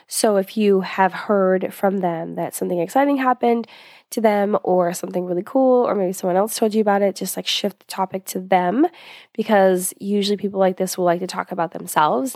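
A woman's voice: mid-range voice, creaky, darkish tone, no room sound, clean studio sound. A young woman talking casually as a host giving advice, chatty with lots of fillers, a little short of breath. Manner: chatty, many fillers and asides.

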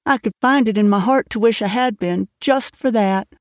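Eager earnest young woman, raised pitch, storybook reading, woman reader, dry sound. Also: normal speed, dry recording, close to an everyday voice. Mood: wistful.

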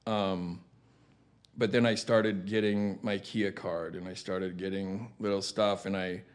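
Male guest with a low voice; blunt, matter-of-fact, candid storyteller. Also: level tone, unhurried, clear, resonant tone.

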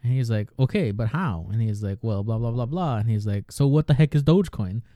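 A man's voice: medium pitch, lively intonation, brisk, warm tone, dry recording. A man co-hosting a podcast in casual chat, laid-back, laughing often and retelling skits with quoted lines. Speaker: podcast co-host.

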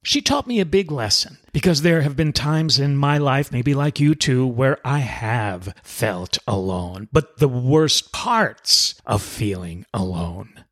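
Animated man telling a story. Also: medium pitch, slow pace, few pauses. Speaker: podcast host and cruise director. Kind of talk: storytelling monologue.

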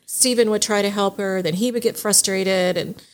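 This is a middle-aged woman chatting as a podcast guest, telling anecdotes with lively energy and frequent laughter. Her pitch sits in an ordinary middle range for a woman. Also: normal speed, slight background noise. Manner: animated, laughs often while telling stories. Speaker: guest, divorce mediation attorney. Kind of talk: casual podcast storytelling.

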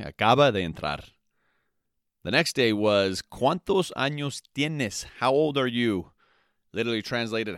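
A man teaches a podcast language lesson at an unhurried pace, his pitch rising and falling a lot as he repeats each phrase. His voice sits on the low side. The sound is close and dry. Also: a bit bright, no room sound. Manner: slow, repetitive, spells out phrases twice with translations; checks in with "okay?" and "all right". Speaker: Spanish teacher, podcast host.

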